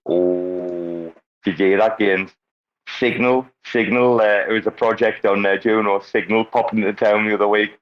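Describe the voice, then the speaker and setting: A man hosting a casual online audio chat, with loud, joking, swearing banter. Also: on the low side, steady tone, normal speed. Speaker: host. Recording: dull lo-fi online call audio.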